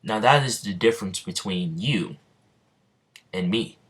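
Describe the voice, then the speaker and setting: A man's voice: on the low side, unhurried, a bit bright. A man voicing a brash, boastful young male swordsman who taunts his rival. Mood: taunting.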